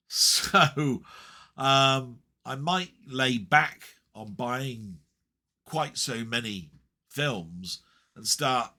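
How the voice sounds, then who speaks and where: A man's voice: fairly low pitch, bright, forceful tone. A middle-aged man talking casually and rambling to camera about his week, heartfelt, with many fillers and restarts. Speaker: vlogger.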